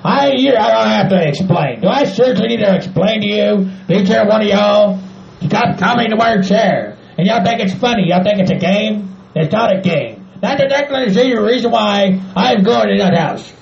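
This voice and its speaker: A man's voice: sits high, lively intonation, moderate pace, vocal fry. A man voicing a cranky, foul-mouthed hillbilly man who rants and swears. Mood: angry ranting. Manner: ranting, swearing, says "by God". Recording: echoey muffled room, faint noise.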